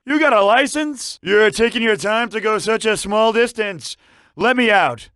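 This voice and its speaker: A jittery cab passenger, high, smooth voice, complaining, video game. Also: male voice, bright, forceful tone, no room sound, clean studio sound. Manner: complaining, quick retorts. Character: jittery male taxi passenger, wisecracking. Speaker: taxi passenger.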